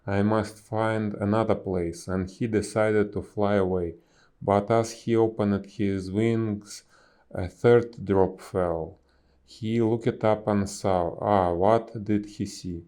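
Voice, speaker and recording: A man reading a children's story aloud, slow and careful, with small slips and restarts. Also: lowish voice, steady tone, mellow.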